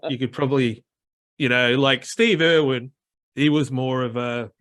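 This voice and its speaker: An Australian man talking in a loose, rambling way, with plenty of ums and asides. His voice sits at an ordinary middle pitch. He explains things patiently in a relaxed conversation. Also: measured pace. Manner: rambling, many fillers, mimics other accents. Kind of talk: casual chat.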